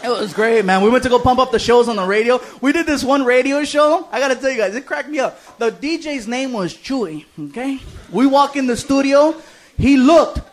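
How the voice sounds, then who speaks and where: A man's voice: very high-pitched, a little fast. A man doing stand-up comedy, telling chatty stories to a live audience. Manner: chatty storytelling, slips into character voices. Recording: live club recording with audience. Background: audience noise.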